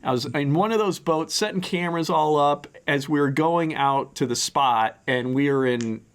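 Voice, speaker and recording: A man's voice: on the high side, moderate pace. A man hosting a podcast, chatting casually and rambling, with many restarts and fillers. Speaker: podcast host. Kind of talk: casual interview chat.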